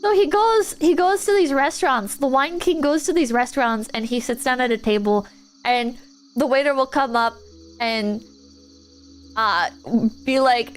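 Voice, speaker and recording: A woman's voice: high voice, moderate pace, a little hiss or hum. A woman streamer chatting casually while gaming, telling a rambling story full of "like" and restarts.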